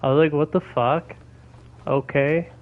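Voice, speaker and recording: A young man chatting casually while streaming a game, excitable and swearing a lot, with laughs between his words. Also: on the high side, measured pace, narrow, tinny audio. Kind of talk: casual gaming stream chat. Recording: faint background noise.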